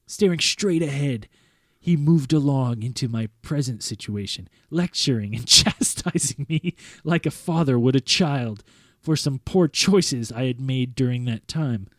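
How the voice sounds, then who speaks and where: A male podcast host reads a personal story aloud in a studio, mostly earnest but prone to cracking up. His voice sits at a middle pitch, and the recording is close and dry, with no room sound. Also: animated, measured pace, dry recording. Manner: reads earnestly, breaking into laughter.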